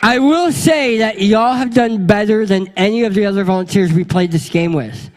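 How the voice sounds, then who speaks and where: Playful high-voiced male pastor. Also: normal speed, slight background noise. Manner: playful, energetic, leads the crowd in a meowing game. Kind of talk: lively sermon with audience game. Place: church sanctuary before a congregation.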